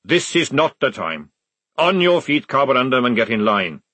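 A man's voice: medium pitch, big pitch swings, moderate pace, breathy edge, no echo, heavily acted. A man doing a bellowing army sergeant. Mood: stern. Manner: barking orders, loud.

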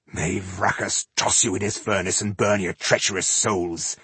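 A man voicing a gruff, hot-tempered male dwarf warrior who hurls insults and curses. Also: low-pitched, fairly even intonation, measured pace, pushed and bright, no echo, full character voice. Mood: scornful.

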